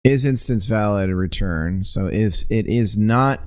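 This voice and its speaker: A man's voice: on the low side, measured pace, a little mellow, clear, resonant tone. A man streaming live while coding a game, rambling casually and mocking himself as he works. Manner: rambling self-talk, self-mocking.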